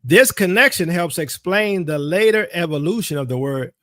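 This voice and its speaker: A male Bible teacher delivers an insistent, sermon-style lesson, driving his points home by repeating phrases. His voice sits high and carries a sharp, forceful edge. The sound is dry and close, with no room around it. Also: expressive, moderate pace, hardly any pauses, no room sound.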